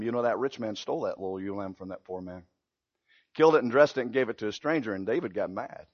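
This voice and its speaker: A man preaching a sermon, retelling a Bible story with lively acted-out voices and sudden swings between loud and hushed. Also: on the low side, quick pace, muffled recording.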